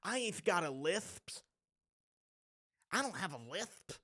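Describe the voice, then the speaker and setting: A man voicing an angry seventy-year-old Texan man with a lisp who yells indignantly. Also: sits high, sing-song, takes it slowly, voice pushed up, heavily acted. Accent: Texas. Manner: indignant yelling.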